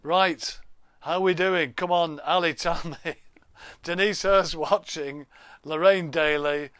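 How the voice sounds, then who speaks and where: A man hosts a casual live stream from a room at home, talking into his laptop webcam. His voice is a little high, a bit bright, clear and resonant, steady and slow, with dry, close sound and no room echo. He chats, jokes, laughs often and reads out viewers' names and comments.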